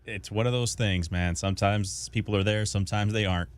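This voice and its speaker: A man's voice: lowish voice, steady tone, fairly quick, clean tone. A man co-hosting a radio show, chatting casually and keeping the show on track. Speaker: radio co-host. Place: radio studio.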